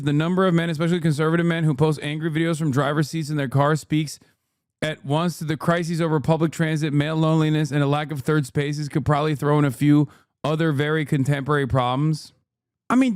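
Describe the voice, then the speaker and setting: A man reacting to video clips in casual commentary, sarcastic and quick to swear, often cutting himself off mid-word. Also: a little high, clear, resonant tone, no room sound, studio quality.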